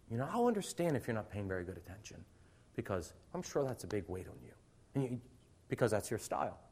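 A man's voice: fairly low pitch, sing-song, fast talker, darkish tone, slightly rough. A middle-aged male teacher giving a conversational lecture to other teachers, acting out little classroom scenes as he goes.

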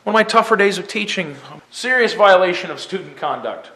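A man teacher giving an earnest inspirational talk to fellow teachers, impassioned and emphatic, dropping from loud to hushed. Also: sits high, expressive, brisk.

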